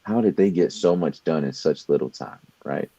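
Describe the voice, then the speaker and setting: A young adult podcast co-host gives an earnest motivational talk at a moderate pace, often doubling back on his words as he builds toward a point. His very low, mellow voice has vocal fry and slight roughness, recorded dry and a little dull with no room sound.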